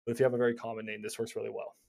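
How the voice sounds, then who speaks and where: A man teaching cold calling in a casual, energetic way, often stumbling over and repeating words. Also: on the low side, rapid-fire, creaky. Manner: energetic, stumbling repeats, slips into acted phone calls. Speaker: real estate investor teaching cold calling. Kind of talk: casual instructional talk.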